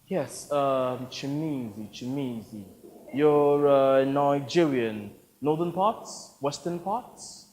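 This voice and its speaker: A man voicing a cool, offhand British Nigerian actor, drawling slowly, in a reverberant space. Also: mid-range voice, darkish tone, lightly acted. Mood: cool, aloof.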